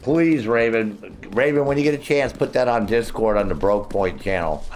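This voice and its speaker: A man's voice: fairly low pitch, moderate pace, a little mellow, slight background noise. Angry profane man in his sixties. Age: 60s. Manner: mimics others in mocking voices. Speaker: game streamer. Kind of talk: profane live-stream rant.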